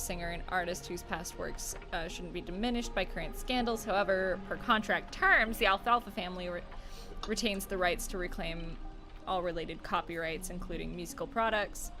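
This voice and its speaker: A woman's voice: medium pitch, bright, forceful tone. A woman hosting a gaming stream, skimming game text aloud and summing it up in a casual, offhand way. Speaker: streamer, host.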